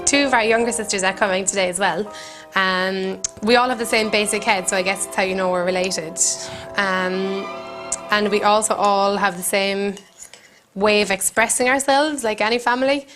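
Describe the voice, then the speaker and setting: A woman comedian with a Cork accent hosting a comedy cooking show, telling rambling deadpan stories with giggles in between. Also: mid-range voice, moderate pace, over music. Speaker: comedian host. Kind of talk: deadpan comic monologue. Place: country kitchen.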